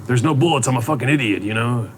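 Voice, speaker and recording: A man performing a stand-up routine, telling a story with deadpan punchlines. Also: medium pitch, fast, soft background music. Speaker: stand-up comedian.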